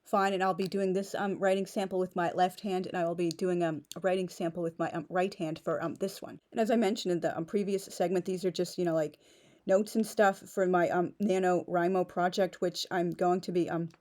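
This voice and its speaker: A woman's voice: on the low side, flat delivery, a little fast, darkish tone. A woman vlogging an unboxing, chatty and gushing, filling her talk with "um" and "like", a little nervous on camera. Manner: chatty, many "um" and "like" fillers; gushing, enthusiastic. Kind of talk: casual unboxing vlog.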